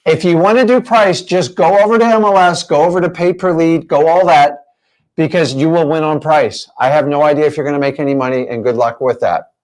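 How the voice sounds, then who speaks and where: A man's voice: on the high side, steady tone, a little fast. A man teaching a real estate training session, emphatic and full of rhetorical questions.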